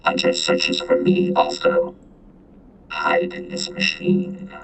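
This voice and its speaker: A man's voice: wildly swooping pitch, slow pace, fairly bright tone, heavily acted. A man voicing an ancient sentient vending machine that speaks in clipped, broken phrases through a synthesized, multitonal robotic voice. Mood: ominous. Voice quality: deep, gravelly, multitonal whining.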